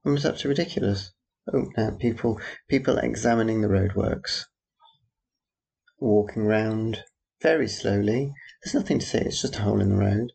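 A man's voice: fairly low pitch, normal speed, vocal fry, a little mellow, slightly rough. A man rambling through a personal audio diary, making dry, wry asides about passers-by. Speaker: theatre worker.

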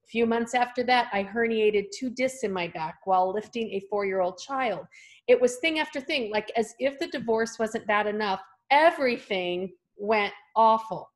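A woman's voice: on the high side, normal speed. A woman in her fifties, originally from California, telling a personal faith story as a guest in an interview. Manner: earnest storytelling, acts out voices in quotes. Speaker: guest author and speaker. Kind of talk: personal testimony in a podcast interview.

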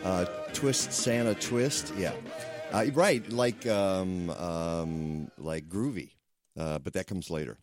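A man hosts a talk radio show in a rambling, chatty way, doubling back on his sentences. His voice sits somewhat low, and the studio sound is dry and close. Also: slow pace, dry recording, soft background music.

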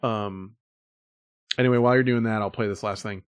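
A man's voice: on the low side, fairly even intonation, a little fast, clean tone, dry recording, studio quality. A man hosting a podcast in casual chat, rambling with many fillers as he sets up stories. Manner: rambling, filler-heavy storytelling. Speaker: podcast host.

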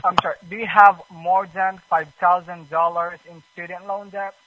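A man making a telemarketing call, reading a scripted pitch with halting fillers and broken grammar. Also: flat delivery, phone-quality sound, background noise. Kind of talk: scripted sales pitch over the phone.

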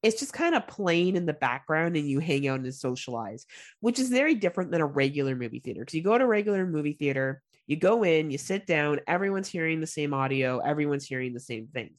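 A woman's voice: low voice, quick pace. A woman in her forties, co-hosting a podcast and telling stories in casual, profane chat. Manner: profane, animated storytelling. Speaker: podcast co-host.

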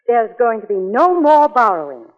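In 1940s radio acting, a young society wife speaks heartfelt lines in a high, expressive voice that rises and falls widely, earnest and tender at a normal speed. The broadcast sounds thin and tinny with a long reverb.

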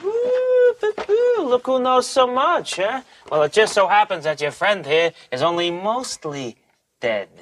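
An actor playing a cranky, wry old miracle worker in a film clip, croaky and theatrical. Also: male voice, sits high, very animated, unhurried, fairly bright tone, full character voice. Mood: wry, grumbling. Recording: movie clip with faint background noise.

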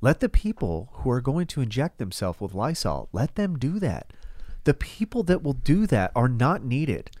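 Animated snarky man, dry close sound. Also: medium pitch, normal speed, dry recording. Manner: snarky, laughs often, animated. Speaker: podcast co-host. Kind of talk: casual chat.

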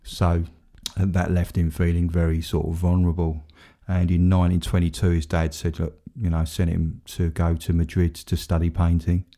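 Male co-host, deep and gravelly, loose rambling chat. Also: monotone, normal speed, hardly any pauses, warm tone. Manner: rambling, self-mocking, laughs often. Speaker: podcast co-host. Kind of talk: casual chat.

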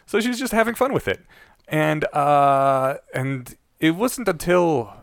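A man's voice: on the high side, animated, measured pace, vocal fry, dry recording, clean studio sound. A man co-hosting a podcast, telling a story in a chatty way with easy laughter and many restarts. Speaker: podcast co-host. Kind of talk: casual podcast chat.

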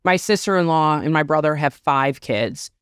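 A woman's voice: deep voice, normal speed, clean tone, no room sound, studio quality. Candid young mother talking openly. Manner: open, confessional, says "like" often. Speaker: podcast guest. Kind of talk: candid casual chat.

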